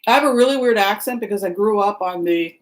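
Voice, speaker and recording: A woman's voice: mid-range voice, fast, poor audio. Chatty middle-aged woman hosting a livestream. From Seattle area, Washington. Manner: chatty, rambling, greets viewers by name. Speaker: livestream host. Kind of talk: casual chat with live viewers.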